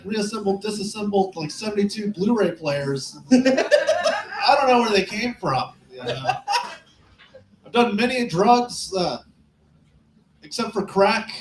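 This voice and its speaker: A man of twenty-eight doing a crude, deadpan stand-up set in a small club, asking the crowd questions. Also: sits high. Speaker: stand-up comic. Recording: roomy club echo.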